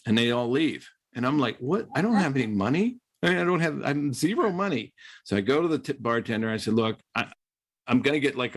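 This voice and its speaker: A middle-aged man, a podcast guest and former quarterback, telling stories in a casual interview and acting out other people's voices. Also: lowish voice. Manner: animated storyteller acting out quoted voices.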